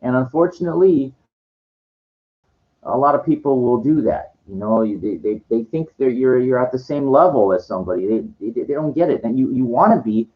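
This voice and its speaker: Animated and mid-range in pitch, this man speaks at a moderate pace as he rants to camera in reply to viewer comments. His tone toward the viewer is condescending and lecturing, and he trips over and restarts his sentences. The recording sounds dull and lo-fi.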